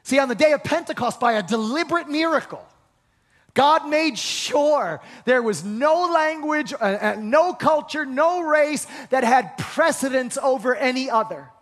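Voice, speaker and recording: High-voiced pastor preaching in a reverberant hall. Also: male voice, measured pace. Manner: energetic preaching with rhetorical questions and call-and-response. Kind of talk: sermon. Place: church hall.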